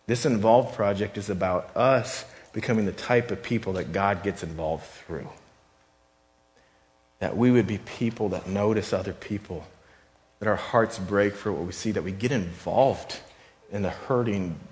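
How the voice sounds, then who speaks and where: A man preaching a sermon, reading scripture with rising emphasis and talking conversationally, with repeated phrases and restarts. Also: medium pitch. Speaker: pastor. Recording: long hall reverb.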